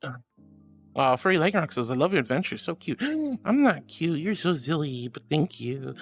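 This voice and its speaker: Young woman streamer, affectionate and giggly, very lively pitch, faint music behind. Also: moderate pace. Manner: affectionate, giggly, calls viewers sweetie and darling. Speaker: streamer reading chat. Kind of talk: casual stream chat.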